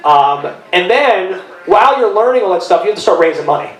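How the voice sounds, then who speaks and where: A man hosting a casual live podcast in a bar, talking fast with lots of restarts. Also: high voice, lively intonation, fairly bright tone. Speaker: podcast host. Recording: echoey live room.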